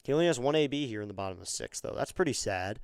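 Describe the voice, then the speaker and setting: A man calls a baseball game live for his stream audience in a smooth, resonant voice. His talk is chatty and easygoing, and it turns excitable on the big plays. The sound is dry and close. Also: mid-range voice, rapid-fire, dry recording. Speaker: fan streamer calling the game. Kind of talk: live fan play-by-play commentary.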